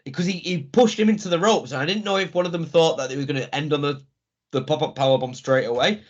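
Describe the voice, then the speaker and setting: A man's voice: on the high side, fast. A man co-hosting a wrestling podcast, talking enthusiastically and laughing as he retells the show. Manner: enthusiastic, laughing, acts out crowd reactions. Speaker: podcast co-host. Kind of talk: casual chat. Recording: dull lo-fi sound.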